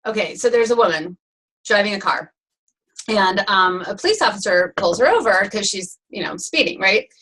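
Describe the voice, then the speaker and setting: A woman co-hosting a casual sales show, chatty and animated, laughing often as she tells a joke. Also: medium pitch, normal speed, breathy edge, low-quality recording. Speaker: co-host. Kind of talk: casual chat.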